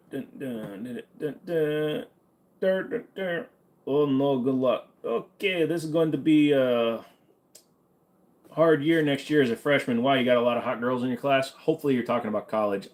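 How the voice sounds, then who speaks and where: Brief: young male streamer, casual, crude, quick jokes, mid-range voice. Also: medium pitch. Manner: joking, profane, answers chat questions. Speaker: livestream host reading viewer questions. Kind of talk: casual livestream Q&A.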